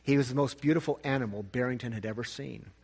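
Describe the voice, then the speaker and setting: A man reading a storybook aloud in a gentle, expressive way, with a husky voice. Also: medium pitch. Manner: gentle, expressive, slow at sad parts. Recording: long reverb.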